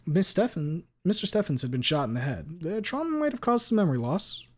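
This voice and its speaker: A cunning courtroom lawyer barking pointed questions at a witness, as a man puts him on. His voice jumps well above the reader's own and gets louder, with a showy, pushy bite. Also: a little high, sing-song, fairly quick, slightly rough, pitched above the performer's own voice. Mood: pressing. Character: sly, determined male courtroom lawyer.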